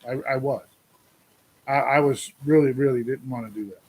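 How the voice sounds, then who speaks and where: A man's voice: medium pitch, normal speed, darkish tone, slightly rough. A man in his sixties venting on a casual livestream, rambling and putting questions to his viewers. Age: 60s. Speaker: trucker livestream host.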